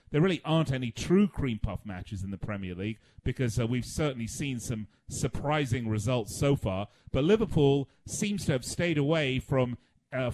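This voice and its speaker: A man hosting a radio soccer talk show, brisk and inviting listeners to call in. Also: fairly high pitch, a little mellow. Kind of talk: casual radio sports talk.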